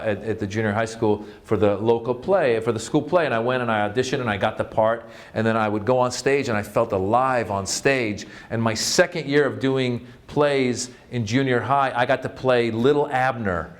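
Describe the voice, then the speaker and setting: A man from Northern California tells funny stories from his own life to a room. His voice sits at an ordinary middle pitch. He talks in a loose, self-mocking way, trips over his words and starts again with plenty of ums and uhs. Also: moderate pace, hardly any pauses. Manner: chatty, self-mocking, full of fillers and restarts. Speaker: author and comedian giving a talk. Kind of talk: humorous storytelling talk.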